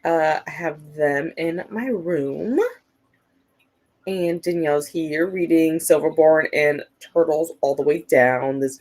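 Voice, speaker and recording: A livestream host with a low-pitched, somewhat dark voice chats casually from her home computer. She reads viewers' comments out loud, her speech peppered with "like" and "um."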